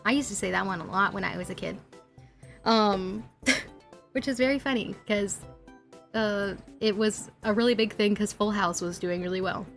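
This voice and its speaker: A young woman streaming and chatting casually, animated and ranting, laughing often and filling with likes and ums. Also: mid-range voice, normal speed, faint music behind. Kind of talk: casual live-stream chat while drawing.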